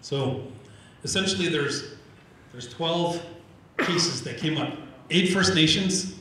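A fairly high-voiced man from Canada speaks to a live audience, lively and storytelling, acting out conversations and stumbling over repeated words. The sound carries a big echo from a large room, with faint ambience underneath. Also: takes it slowly, recorded from a distance, slight background noise. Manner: animated storyteller acting out quoted exchanges; repeats words when restarting. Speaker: Indigenous organizer and speaker. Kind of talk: live public talk.

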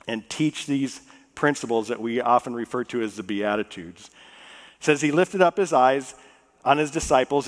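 A man preaching a sermon as pastor. He talks in a relaxed, conversational way, jokes with the congregation, and slows down to read scripture. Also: mid-range voice. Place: church sanctuary. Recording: long reverb of a church hall.

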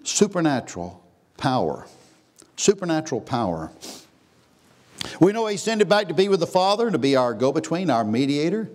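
A pastor preaching a sermon in a church, swinging from hushed, slow lines to loud, high exclamations. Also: male voice. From Texas. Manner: preaching with big swings, dropping to a hush then rising to a near shout. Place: church sanctuary.

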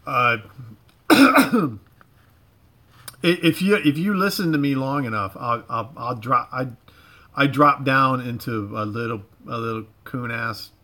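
A middle-aged Florida man with a bright, forward voice and a loose Southern drawl flecked with Cajun, chatting casually to a livestream audience. He rambles, restarts his sentences and leans on folksy slang, talking from his home garage. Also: medium pitch, takes it slowly. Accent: Southern US drawl with Cajun touches. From Florida, USA. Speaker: livestream host.

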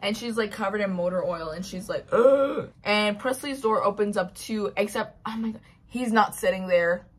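Young woman, chatty book-recap vlogger, slightly husky tone, middle-height voice, gushing delivery that acts out each character. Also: medium pitch, moderate pace. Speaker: book reviewer. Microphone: built-in mic.

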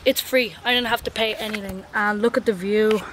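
A young woman chatting excitedly to her handheld camera while walking around outdoors, filling her talk with "like" and "guys". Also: medium pitch, a little fast. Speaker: vlogger. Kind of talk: casual travel vlog. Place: outdoors on a hot hillside and beach. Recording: noisy outdoor camera audio with wind.

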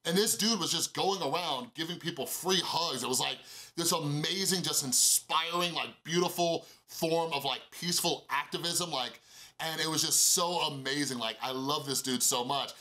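A man with a bright, slightly high voice tells a rambling storytime vlog. He talks in an animated way, stuffed with fillers, and pitches up to act out the people he quotes. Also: moderate pace, poor audio. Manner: acts out quoted dialogue in a higher voice. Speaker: YouTuber.

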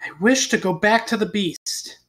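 Guy putting on a young fairy tale heroine, pitched way up, earnest and pleading. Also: moderate pace, fairly bright tone. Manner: emotional, pleading storybook delivery.

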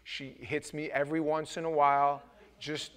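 Man, pastor, slightly high-pitched, casual joking sermon, stumbles and restarts. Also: little pitch movement, moderate pace, clear, resonant tone. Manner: informal, joking, with frequent restarts. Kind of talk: conversational sermon. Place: church sanctuary.

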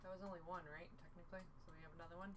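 A woman co-hosting a casual livestream, playful and quick to laugh. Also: on the low side, flat delivery, distant mic, background noise. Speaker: livestream co-host.

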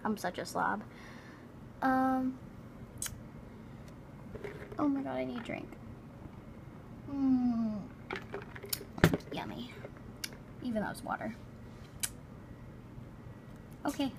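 Slow-talking, high-voiced woman commentator. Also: expressive, vocal fry, background noise. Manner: chatty, giggly, dramatic exclamations. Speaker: gameplay commentator. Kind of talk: casual game commentary.

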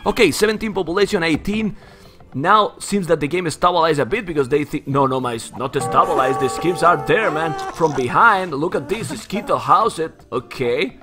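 A man with a Spanish accent, Spanish as his first language, giving excitable live commentary on a strategy game and calling everyone "man". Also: a little high, moderate pace, soft background music. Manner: excitable, keeps saying "man", surges into shouts when hyped. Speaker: esports caster.

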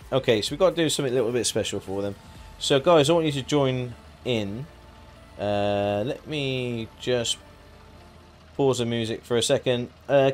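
A man chatting casually on a live game stream, joking, laughing and thanking viewers by name. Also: mid-range voice.

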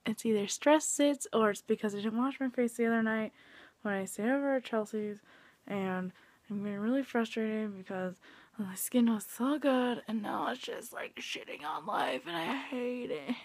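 A woman's voice: fairly high pitch, moderate pace, darkish tone, dry recording. A young woman vlogging at home late at night, venting her frustration, swearing and often dropping into a whisper. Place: at home indoors.

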